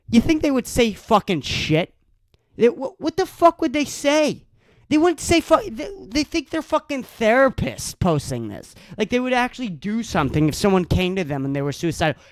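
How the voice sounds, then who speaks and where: A man rants alone on his podcast, angry and foul-mouthed, tripping over his own restarts. His pitch swings widely as he talks. The sound is dry and close, with no room around it. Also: big pitch swings, moderate pace, dry recording. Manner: angry, profane ranting with stammered restarts. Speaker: podcast host. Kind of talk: solo podcast rant.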